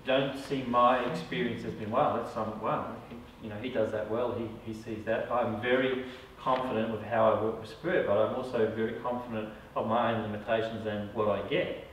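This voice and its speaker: A man's voice: on the low side, fairly even intonation, moderate pace, slight background noise. A man, a psychic medium, talking casually to a group and often checking in with "all right?". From Australia. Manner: conversational, keeps asking "all right?". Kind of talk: casual talk to a small group. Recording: echoey room, mic far off.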